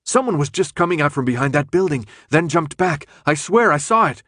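A man's voice: medium pitch, lively intonation, normal speed, dry recording, studio quality, pitched above the performer's own voice, lightly acted. A man voicing a decisive young woman who speaks firmly and plainly in an audiobook.

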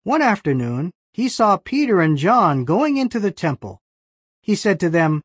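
A narrator reading a bible story lesson in slow, clear scripted storytelling. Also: mid-range voice, big pitch swings, no room sound, clean studio sound.

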